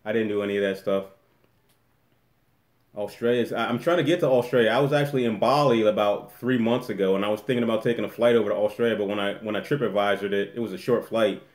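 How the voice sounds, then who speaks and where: A man's voice: lowish voice, fast talker, darkish tone, roomy sound. A man hosting a casual live-stream Q&A from a room at home, rambling and restarting often as he reads the chat aloud. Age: adult with a daughter.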